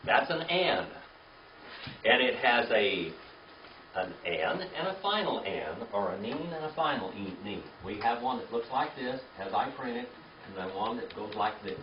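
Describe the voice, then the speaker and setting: A man's voice: mid-range voice, lively intonation, unhurried, background noise. A man teaching a Bible class, patiently stepping through letters and checking in with "okay?" and "all right?". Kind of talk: classroom lecture. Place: church classroom with a live audience. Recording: roomy, distant, dull lo-fi room recording.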